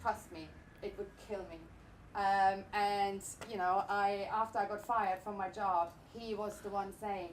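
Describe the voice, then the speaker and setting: A woman's voice: mid-range voice, level tone, measured pace. A woman hosting a live event, introducing the next speaker in a chatty, loose way. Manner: chatty, loose, warm about her partner. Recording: roomy, distant, with faint room noise.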